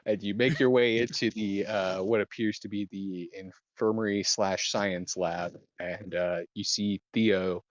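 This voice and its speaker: A man narrating as game master, describing scenes with many pauses and restarts. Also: fairly low pitch, steady tone, no echo, highs cut off. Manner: halting, many ums and restarts.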